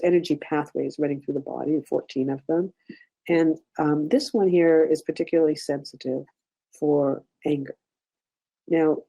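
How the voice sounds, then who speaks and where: Gravelly-voiced woman teaching a workshop. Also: deep voice, rough recording. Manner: conversational, checks in often with "okay?"; gentle, instructive guidance. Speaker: workshop instructor.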